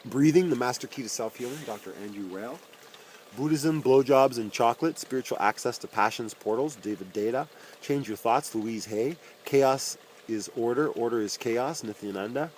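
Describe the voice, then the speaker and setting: On a low-quality recording with a little hiss or hum, a man with a medium-pitched, somewhat mellow voice reads out a long list of self-help titles and their authors at a moderate pace. He adds dry, wry asides, and his voice drops on each name.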